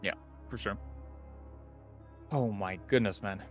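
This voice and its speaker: Male podcast host, bright voice, rambling casual gamer chat, faint music under. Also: mid-range voice, brisk. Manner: rambling, animated, swears casually. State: out of breath.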